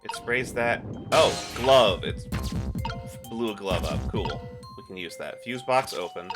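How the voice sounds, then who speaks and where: A man's voice: fairly low pitch, animated, a little slow. A man streaming a puzzle game live, reading items aloud in an offhand way and swearing now and then. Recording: game music underneath.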